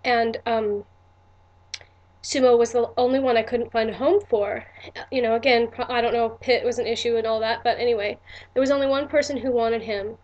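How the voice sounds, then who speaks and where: A woman's voice: on the high side, fairly even intonation, brisk, a little mellow, highs cut off. A woman, telling a personal story in a candid, earnest vlog with many restarts and asides. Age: 40s. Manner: earnest and emotional. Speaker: vlogger.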